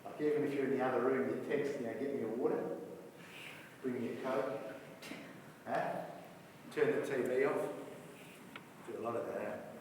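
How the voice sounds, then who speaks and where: A man's voice: medium pitch, fairly even intonation, normal speed, pauses often, a little mellow, a little hiss or hum. Man telling stories in an echoey hall. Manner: storytelling, acts out both sides of dialogue, rhetorical questions. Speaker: speaker addressing young people. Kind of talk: motivational talk with anecdotes. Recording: echoey hall, mic far off.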